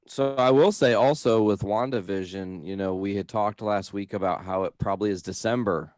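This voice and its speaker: A man co-hosting a podcast in casual chat, easygoing and quick to laugh. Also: lowish voice, a little mellow, dry recording, studio quality. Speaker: podcast co-host.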